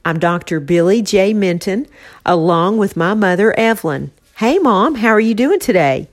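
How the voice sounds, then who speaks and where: A woman's voice: medium pitch, expressive, normal speed. Affectionate woman co-hosting a chat. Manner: affectionate, emotional, teasing. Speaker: podcast co-host. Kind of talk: casual heartfelt chat. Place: office.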